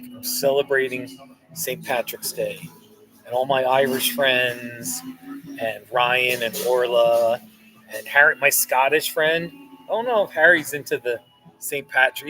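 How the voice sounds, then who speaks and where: Slow-talking man chatting on a cafe livestream. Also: mid-range voice, bright, forceful tone, low-quality recording. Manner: rambling, reads and answers viewer comments aloud. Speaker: livestream host. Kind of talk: casual livestream chat. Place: Starbucks cafe, indoors. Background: cafe music.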